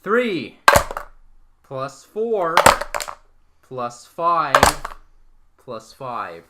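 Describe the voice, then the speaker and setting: A man running a tabletop game as game master, counting out rolls and damage in a casual, relaxed way. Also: mid-range voice, drawn-out words, very noisy.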